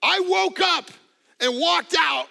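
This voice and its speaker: A middle-aged man preaching a sermon as a pastor, animated, acting out little voices and jokes. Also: very high voice, slow pace, vocal fry. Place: church auditorium.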